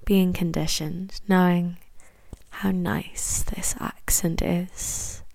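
A woman with an Irish accent giving a whispered hypnosis induction, repeating slow, soothing suggestions close to the mic. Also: lowish voice, level tone, vocal fry, darkish tone, no echo.

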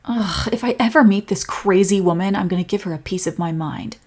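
Breathy young woman, whispered role-play, soft protective girlfriend tone. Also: mid-range voice, fairly quick.

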